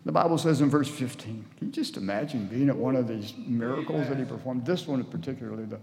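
A man's voice: mid-range voice, fast talker, creaky, crowd noise. A man preaching a sermon in church, earnest, sometimes acting out the people in the story. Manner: earnest, acts out voices in the story. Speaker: guest preacher. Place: church hall. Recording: long church hall reverb.

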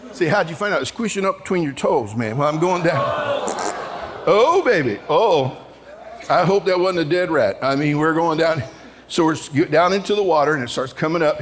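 A man preaching a storytelling sermon to a large audience, animated and comic, rising to shouts at the high points. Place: large church auditorium before an audience.

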